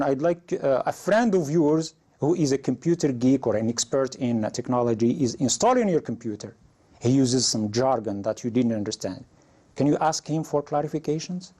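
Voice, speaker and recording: A man with a slightly high, warm voice teaches an English lesson in a classroom. He reads example situations aloud and asks his learners what they would say.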